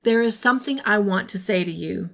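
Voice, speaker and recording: A woman reading the lines of an earnest, lovestruck young man in a storybook, speaking quietly. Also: medium pitch, brisk, creaky, close to an everyday voice.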